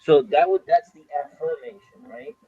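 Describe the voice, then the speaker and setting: A man's voice: on the high side, very animated, normal speed, husky, no room sound. A man joining a webinar over a call, chatting casually in a coaching tone. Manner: conversational, coaching tone. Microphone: online call. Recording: dull lo-fi call audio.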